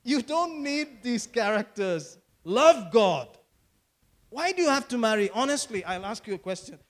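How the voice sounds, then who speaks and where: A high-pitched male pastor delivers a sermon. He is in his fifties and talks in repeated phrases, pausing for the listeners to answer amen. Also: big pitch swings. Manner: preacherly, repeats phrases, calls for amens.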